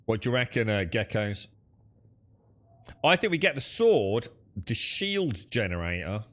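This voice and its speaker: With a medium-pitched, slightly bright voice, a young gamer chats casually during co-op play with friends. He thinks out loud as he streams and laughs readily.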